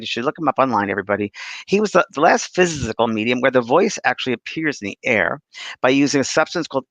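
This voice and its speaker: A man's voice: mid-range voice, vocal fry, no echo. A middle-aged man who is a spiritual medium chats and tells stories animatedly, acting out voices along the way. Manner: animated storyteller, acts out voices. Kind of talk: casual chat.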